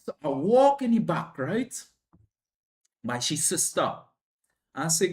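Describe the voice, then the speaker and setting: A young Trinidadian man telling a funny personal story casually on a livestream, jumping up in pitch when he quotes people. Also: unhurried, long pauses. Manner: animated, jumps high when quoting people, laughs while telling.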